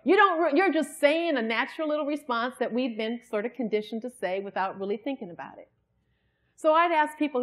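A woman's voice: a little high, lively intonation, quick pace. A middle-aged woman, preaching a sermon in a church and telling a personal story in an earnest, conversational way.

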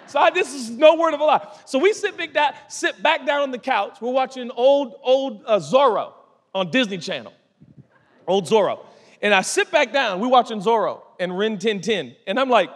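Man, high voice, pastor, animated sermon storytelling, long hall reverb. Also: moderate pace. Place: large church hall.

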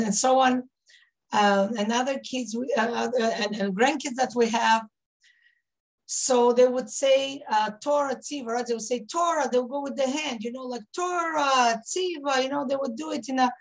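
A woman in her fifties from Israel, a rebbetzin telling stories to a women's group, reminiscing with many fillers and restarts. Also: fairly high pitch. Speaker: rebbetzin leading a women's class. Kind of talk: warm storytelling talk to a women's group.

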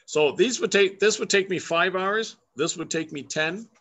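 A man's voice: high-pitched, moderate pace, fairly bright tone. A man, a woodcarver, chatting casually and playfully as he shows his work on a live video call, laughing often. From Canada. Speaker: guest woodcarver. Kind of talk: casual demonstration over a live video chat.

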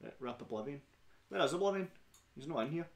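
A man's voice: a little high, animated, fast, creaky. Rowdy sweary Scottish young man. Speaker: stream host. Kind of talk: casual chat.

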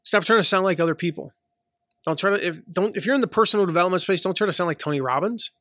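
A man's voice: sits high, fast, pushed and bright, no room sound, studio quality. A man in his thirties from the American South, with a light Southern accent, hosting a casual solo podcast, chatty and full of fillers and restarts. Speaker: podcast host.

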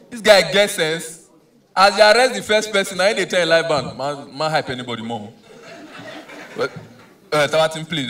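A man's voice: high voice, a bit bright, distant mic. A male comedian with a Nigerian accent doing live stand-up, begging the crowd with mock threats and sliding into Pidgin rants.

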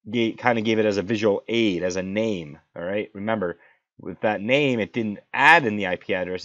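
Chatty man teaching a software tutorial. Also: medium pitch, no echo, dull audio. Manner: chatty, enthusiastic, reads out numbers step by step. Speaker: network instructor. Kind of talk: screen-recorded software tutorial.

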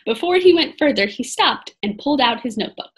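A woman reads a children's book aloud with a lively, animated voice that climbs high and drops low. She stops now and then for chatty, dramatic asides about the story. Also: fairly quick, slight background noise. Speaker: reader.

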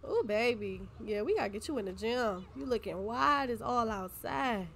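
A woman's voice: fairly high pitch, animated, normal speed, vocal fry, fairly bright tone, slight background noise. Sassy young woman commenting on gameplay. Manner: sassy, playful, voices her game characters. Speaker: gaming YouTuber.

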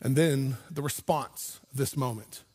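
A man's voice: mid-range voice, measured pace, a little mellow, breathy edge. A man preaching a sermon in church as pastor, telling the story with animation and acting out imagined voices. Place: church sanctuary.

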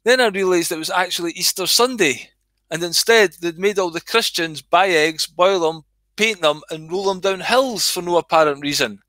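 A man's voice: sits high, moderate pace, pushed and bright, no echo. A middle-aged Scottish man reading his comedy skit aloud on a livestream, swearing freely and chatting to viewers.

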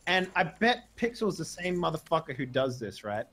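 Crude, boisterous man, high voice. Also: big pitch swings, moderate pace, a bit bright, a little hiss or hum. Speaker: streamer playing online poker. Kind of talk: casual gaming chat with friends.

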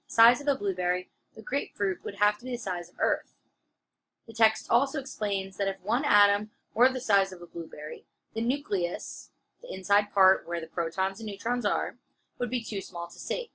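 Bright-voiced teacher explaining patiently. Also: female voice, medium pitch, low-quality recording. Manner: clear, patient explaining with fillers. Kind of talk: classroom review lesson.

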